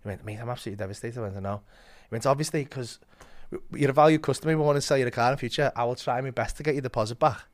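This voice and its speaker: A man's voice: medium pitch, racing, hardly any pauses. A man, a stand-up comedian, telling a sweary anecdote in casual chat and acting out other people's lines. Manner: sweary, animated storytelling, frequent laughter. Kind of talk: casual anecdote with quoted voices.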